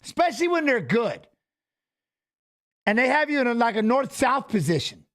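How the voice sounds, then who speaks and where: Excitable man with a high, lively voice. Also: normal speed. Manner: excitable, joking, laughs often. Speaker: watch-along co-host. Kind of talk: casual live-stream chat.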